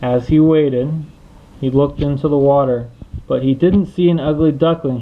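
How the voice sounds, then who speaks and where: Slow, clear male storybook reader. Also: on the high side, phone-quality sound, a little hiss or hum. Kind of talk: children's story read-aloud.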